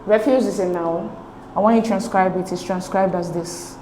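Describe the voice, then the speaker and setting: This tutor has a warm, mid-range voice and a steady tone, talking at normal speed. She patiently explains English exam questions one step at a time, pausing to ask "okay?". Faint noise and echo fill the room.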